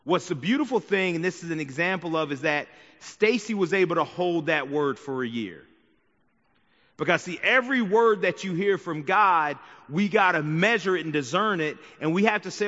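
Man, fairly high voice, preaching, conversational asides, long church reverb, muffled sound. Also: animated, normal speed, bright, forceful tone. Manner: conversational preaching with frequent "right?" and "okay?" asides. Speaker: pastor. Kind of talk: sermon. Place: church sanctuary.

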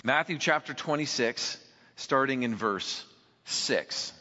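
A man's voice: medium pitch, lively intonation, takes it slowly, sharp tone. A male preacher giving a conversational sermon, posing rhetorical questions to his congregation. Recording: echoey hall, dull lo-fi sound.

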